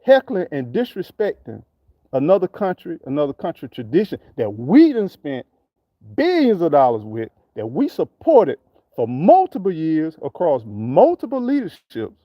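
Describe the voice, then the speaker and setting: Fired-up man ranting, high and lively. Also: moderate pace, no room sound, highs cut off. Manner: preachy, repetitive, street slang. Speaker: channel host. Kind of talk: impassioned commentary.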